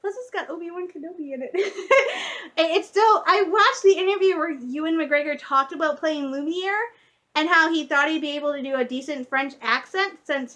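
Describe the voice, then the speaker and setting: High bright excitable young woman vlogger. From Michigan. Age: young adult. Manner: excitable, gushing fan talk with many fillers. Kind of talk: casual vlog chat.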